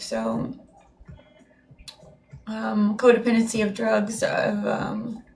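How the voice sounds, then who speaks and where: A woman's voice: fairly high pitch, vocal fry, a little hiss or hum. A woman giving a live tarot reading in a meandering, heartfelt way, often repeating and restarting her words. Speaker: tarot reader.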